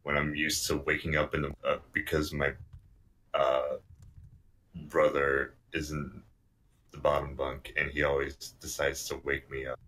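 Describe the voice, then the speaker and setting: Young man with an extremely deep voice. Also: monotone, bright, forceful tone, poor audio. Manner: hesitant, halting, with fillers. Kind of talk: casual chat as a stream guest.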